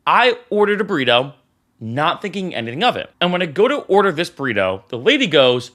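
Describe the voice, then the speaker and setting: A man's voice: a little high, quick pace. A young man telling a story in a casual vlog, acting out the dialogue as he goes. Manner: animated, acts out the dialogue. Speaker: vlogger.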